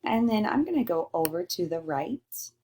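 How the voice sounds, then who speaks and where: A woman teacher giving a recorded lesson to young children, slowly sounding out letters and praising answers. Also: lowish voice, lively intonation, dark tone. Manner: slow, sing-song and encouraging, sounding out letters.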